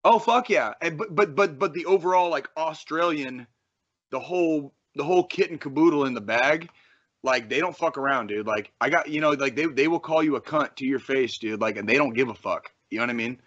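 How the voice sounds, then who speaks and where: A man from Arizona co-hosting a podcast, talking in a rambling, excitable way with plenty of swearing. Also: fairly high pitch, brisk, dry recording, muffled recording. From Arizona, USA. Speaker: podcast co-host. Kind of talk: casual podcast chat.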